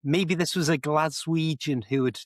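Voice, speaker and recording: A man's voice: on the high side, normal speed, no echo, clean studio sound. A man with a Liverpool accent, an English teacher and co-host, telling stories in a casual, self-deprecating way. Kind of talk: casual conversation, storytelling.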